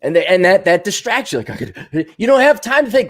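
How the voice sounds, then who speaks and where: Animated, sardonic male podcast host. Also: sits high, brisk, few pauses. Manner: sardonic, musing aloud, acts out inner voices. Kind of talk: rambling solo monologue.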